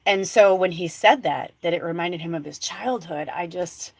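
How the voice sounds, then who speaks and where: Woman medium doing her live show, low voice, rambly storytelling, gets all hushed then excited, dry sound. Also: normal speed, no room sound. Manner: rambling storytelling, full of fillers and restarts; swings between soft hushed tones and excited exclamations. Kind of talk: casual live-stream monologue.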